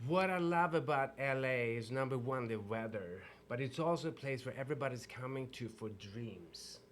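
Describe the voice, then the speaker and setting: A man from Sweden with a Swedish accent, a guest telling stories in a casual interview in an animated way. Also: mid-range voice, moderate pace, a little hiss or hum. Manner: animated storyteller with restarts.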